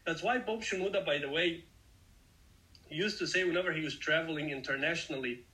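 A man's voice: on the high side, a little fast, pushed and bright, low-quality recording. A man giving a conversational Bible study sermon, explaining the passage earnestly and speaking straight to his listeners. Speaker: Bible teacher.

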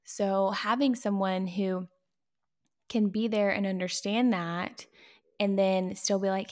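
A woman's voice: medium pitch, steady tone, takes it slowly. A woman interviewer speaking encouragingly in a conversational interview. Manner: encouraging, frequent agreement.

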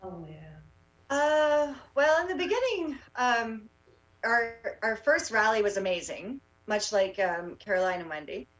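Woman telling a story, halting. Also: medium pitch, sing-song, a bit bright, recorded from a distance, dull audio. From Canada. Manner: halting, many fillers and restarts. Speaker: rally organizer. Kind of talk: casual interview talk.

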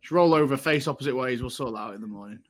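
A young man co-hosts a podcast with a teasing manner, laughing often as he chats. His voice sits at a medium pitch. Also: very fast. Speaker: podcast co-host. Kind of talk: casual chat.

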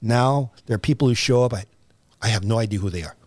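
A man's voice: fairly low pitch, fast talker, a little mellow, no room sound. An older man, a playwright guest on an interview show, telling stories reflectively, with many fillers and restarts. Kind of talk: conversational interview.

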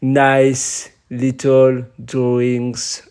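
A man co-hosting a podcast, hoarse, chatting casually and haltingly as he searches for words. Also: medium pitch, completely flat delivery, a little mellow. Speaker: podcast co-host. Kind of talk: casual chat.

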